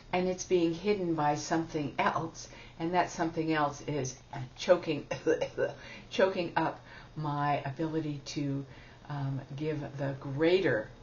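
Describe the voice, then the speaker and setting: A woman's voice: deep voice, slight background noise. A woman giving a spiritual teaching talk in a chatty, self-deprecating way, laughing often. It sounds like a dull lo-fi recording.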